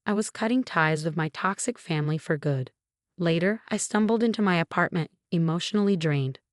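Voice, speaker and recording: Brief: woman storyteller, low voice, dry close recording. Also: a little fast, no echo. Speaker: narrator. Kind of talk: scripted first-person story narration.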